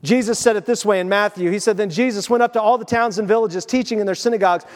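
Quick-paced and lively, a pastor with a fairly high voice preaches through stories, mimicking the people he quotes. The sound echoes with the long reverb of a big church hall.

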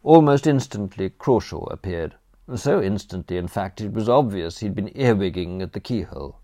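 A man reading first-person comic narration for an audiobook in a wry, animated manner. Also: lowish voice, normal speed.

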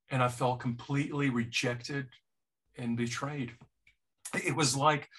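A man preaching a sermon, talking slowly and earnestly about a personal trial, with frequent repeated starts. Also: medium pitch, pushed and bright, breathy edge. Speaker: pastor.

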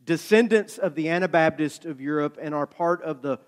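A man preaching a sermon, telling a story with lively acted-out dialogue. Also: fairly high pitch, brisk. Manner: animated storyteller, acts out dialogue. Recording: long hall reverb.

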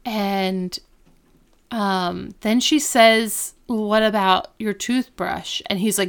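A woman co-hosting a podcast casually recaps a TV episode, acting out the characters' lines in an animated retelling. Her mid-range voice is clear and resonant, and she takes her time. It's relaxed, chatty talk.

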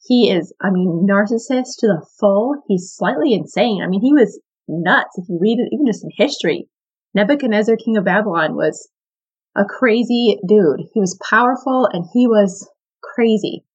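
A woman's voice: mid-range voice, expressive, moderate pace, darkish tone, breathy edge, muffled recording. A woman hosting a podcast, teaching a Bible story in a casual, enthusiastic way, with lots of "I mean" and "like". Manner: chatty and enthusiastic, full of "I mean" and "like".

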